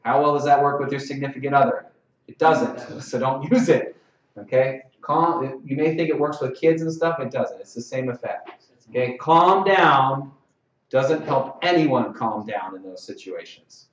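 A man's voice: medium pitch, normal speed. A man leading a training session for lacrosse officials, speaking conversationally and often checking in with "okay?" while acting out example lines. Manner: conversational, frequent "okay?" check-ins, acts out sample lines. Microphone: distant mic. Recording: roomy, distant, dull live-stream audio.

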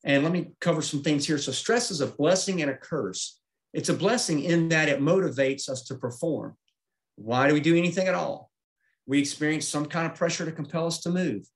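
A middle-aged aviation safety instructor gives a presentation, taking the slides step by step in plain language and checking in with "okay?". His voice is on the high side and his pace brisk.

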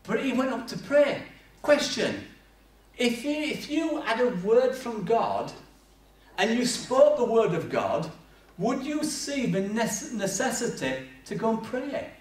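Male preacher, animated storyteller, recorded from afar in a reverberant hall. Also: very high-pitched, slow. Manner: lively storytelling with acted-out voices and humor. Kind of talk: sermon. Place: church hall. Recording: echoey church hall from far off.

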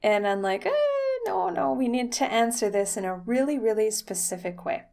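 A woman's voice: fairly high pitch, animated, normal speed, vocal fry, darkish tone. A young adult woman teaching English in a casual video lesson, chatty and upbeat, acting out short sample dialogues.

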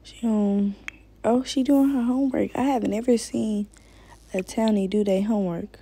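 Gravelly-voiced woman narrating gameplay. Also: medium pitch, steady tone, moderate pace, mellow, slight background noise, poor audio. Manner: slangy, chatty, talks to viewers. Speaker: gamer. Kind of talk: casual gameplay commentary.

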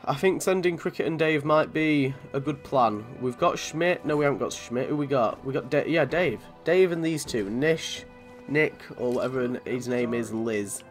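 A man's voice: medium pitch, normal speed, faint music behind. A man from commentating on a video game in a chatty, sweary way, often laughing. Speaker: gaming channel host.

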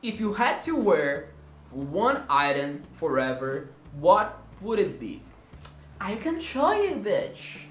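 Sitting high and sounding very animated, the young Brazilian man takes things slowly, his bright voice carrying a Brazilian Portuguese accent from his native Portuguese. In his twenties, he's playful and theatrical, teasing through a casual question-and-answer vlog. The room is echoey, with slight background noise.

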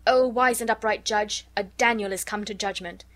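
A woman's voice: medium pitch, moderate pace, fairly bright tone, natural voice. A woman reading the lines of a vengeful, unyielding male moneylender in a storybook, with little change from her own voice. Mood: insistent.

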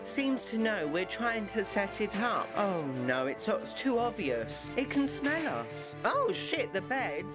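A man's voice: high voice, very animated, a little slow, few pauses. A man putting on camp, panicky prison staff voices in a homemade parody sketch. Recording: music playing behind the voice.

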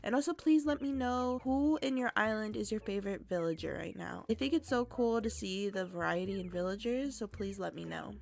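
A young woman streamer chatting excitedly to her viewers while she plays a game. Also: medium pitch, brisk, creaky, hardly any pauses. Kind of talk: casual gaming chat.

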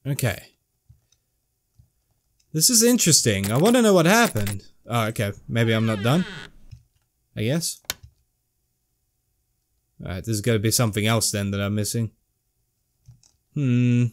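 Slow-talking gamer musing aloud. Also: male voice, mid-range voice, big pitch swings, a little hiss or hum. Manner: slow, musing, swears casually. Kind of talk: let's play commentary.

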